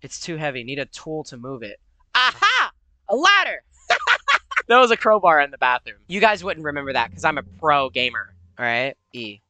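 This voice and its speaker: A man's voice: mid-range voice, animated, fairly quick, bright, forceful tone, dry recording. A young man commenting on his own horror game play, jumpy and profane, with nervous laughter and sudden yelps. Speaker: gamer.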